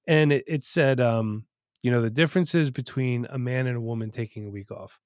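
A man's voice: mid-range voice, moderate pace, a little mellow, dry recording. A man co-hosting a podcast from his home studio, telling stories in a candid, profane, casual way. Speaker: podcast co-host. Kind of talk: casual chat.

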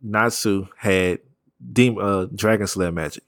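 A man talking casually about comics, rambling with slang, profanity and quick laughs. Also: lowish voice, no echo, clean studio sound. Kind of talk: casual chat.

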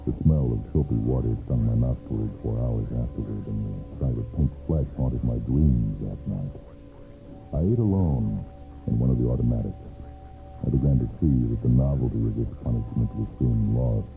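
A man with a very deep, gravelly voice reads a dark first-person tale, measured and brooding. The sound is thin and phone-like, an old 1970s radio recording with faint music underneath. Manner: measured, brooding delivery with drawn-out pauses. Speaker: narrator. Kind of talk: dramatic first-person story reading for radio.

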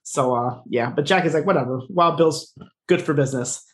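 A man's voice: a little high, normal speed. A man co-hosting a podcast, casually retelling a TV episode with fillers and laughs. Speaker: podcast co-host recapping a TV episode. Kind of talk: casual chat.

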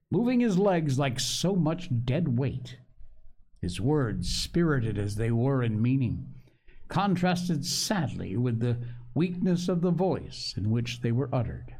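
A man narrating a classic adventure novel aloud in a slow, measured storytelling manner. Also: medium pitch, warm tone. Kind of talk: audiobook-style narration.

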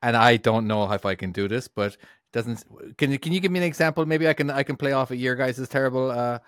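A man's voice: medium pitch, fast talker, no room sound, clean studio sound. A man co-hosting a casual podcast, rambling and laughing often. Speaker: podcast co-host. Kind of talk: casual chat.

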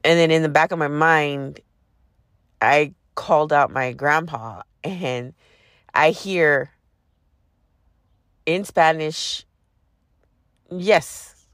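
A woman's voice: sits low, slow, long pauses, dry recording, clean studio sound. Sarcastic, profane woman telling a story. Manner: profane, sarcastic, animated retelling. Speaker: podcast host. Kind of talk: casual storytelling.

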